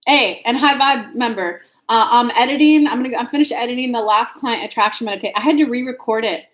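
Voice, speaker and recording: A woman's voice: on the high side, fast, reverberant, poor audio. A woman hosting a live stream as an intuitive reader, giving frank, casual advice and answering viewers' questions by name, swearing now and then.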